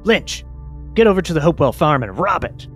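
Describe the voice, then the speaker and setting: A man's voice: a little high, big pitch swings, brisk, fairly bright tone, faint music behind, pitched above the performer's own voice. A man voicing a bossy male gang leader who barks orders at his crew. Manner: barking orders.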